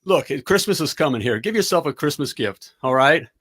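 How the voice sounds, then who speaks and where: A middle-aged man hosts a live talk show with a somewhat high-pitched voice. He talks in an energetic, motivational pep-talk style and keeps checking in with his audience. His delivery is upbeat and coaching. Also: brisk, husky. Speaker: talk show host and plumbing business coach.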